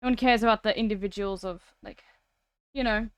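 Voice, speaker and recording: South African woman streamer, smooth voice. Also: medium pitch, steady tone, brisk, dry recording, studio quality. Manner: blunt, swears freely, chatty with viewers. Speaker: livestreamer. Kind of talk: casual live-stream chat.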